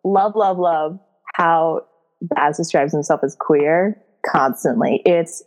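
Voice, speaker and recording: A woman's voice: deep voice, takes it slowly, faint music behind. Young woman chatting casually about a book. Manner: animated, swears freely, many fillers. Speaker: podcast co-host.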